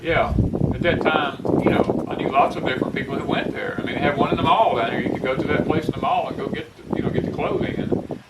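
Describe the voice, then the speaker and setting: A man's voice: a little high, fast talker, recorded from a distance, very noisy. A man hosting a homestead channel, talking casually and emphatically to his viewers, with many restarts. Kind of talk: casual porch talk to viewers.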